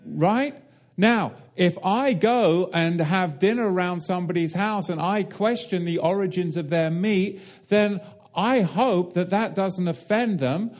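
A man's voice: high voice, a little slow, darkish tone. A man preaching a sermon, emphatic and direct, asking the listeners rhetorical questions and explaining Hebrew and Greek terms.

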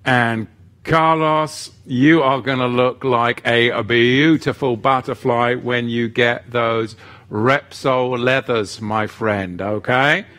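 A man leads a live-streamed teaching session and reads his viewers' chat aloud. His voice is bright and pushes forward, and he talks at an unhurried pace. He greets people by name and drops in playful asides. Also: medium pitch, steady tone. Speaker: livestream teacher.

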